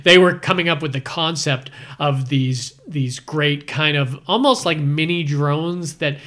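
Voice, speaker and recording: A man with a bright, forceful, slightly high voice, talking movies with friends. He is chatty and keen, and he slips into quoted film lines as he goes. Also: unhurried. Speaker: podcast co-host. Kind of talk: casual movie chat.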